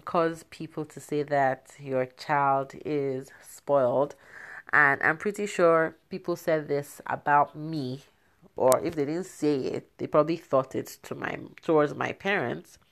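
Young adult woman from Nigeria, low voice, casual vlogger, chatty with frequent laughs. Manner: chatty, laughs often, many fillers. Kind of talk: casual talk to camera.

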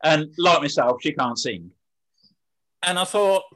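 A man's voice: on the high side, animated, unhurried, a bit bright, low-quality recording. A man who hosts poetry slams, chatting in an interview in a rambling, self-deprecating way with lots of restarts. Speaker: poet and slam host. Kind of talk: casual interview chat.

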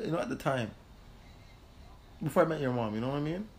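A man telling a heated personal story in casual chat, animated, laughing and swearing as he goes. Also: fairly high pitch, quick pace, long pauses. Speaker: host.

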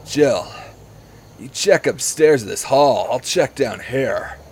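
A hammy, gruff male hero with a wobbly put-on accent, lusty and commanding, as a man puts him on while reading a story aloud. The accent drifts and overplays itself. He booms his lines with gusto. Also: expressive, slow, a little mellow.

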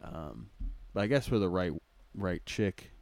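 A man rambles through a casual comedy podcast, crude and joking, half muttering as he browses. His pitch swings widely from line to line. The sound is close and dry. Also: lively intonation, unhurried, gravelly, a little mellow, no echo. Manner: crude, joking, mumbles to himself while browsing. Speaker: podcast host.

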